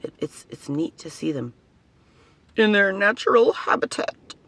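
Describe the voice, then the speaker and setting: A rambling vlogger chats straight to camera, circling back and restarting thoughts. The voice is gravelly and rough-edged, and the pitch swings up and down. The sound is close and dry. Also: animated, measured pace, a bit bright, no echo. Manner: rambling, chatty, often trailing off and restarting. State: has facial tics. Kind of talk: casual personal vlog.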